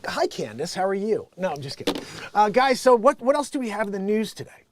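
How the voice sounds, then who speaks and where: A man with a high, strained voice rants through the day's news with no script, swearing freely and jumping from loud outbursts to low mutters. His Connecticut-tinged speech sits close to the mic in a dead, dry room. He talks like a daily live host riffing for his regulars. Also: sing-song, a little fast, no echo. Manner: loud, emphatic and profane, swings between shouting and muttering. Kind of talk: unscripted ranting commentary on news.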